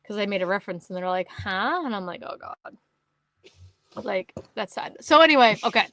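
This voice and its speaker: Lively storytelling woman, dry close mic. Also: mid-range voice, a little fast, dry recording. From Canada. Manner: animated storyteller, acts out quotes, laughs often. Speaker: podcast co-host. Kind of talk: casual chat.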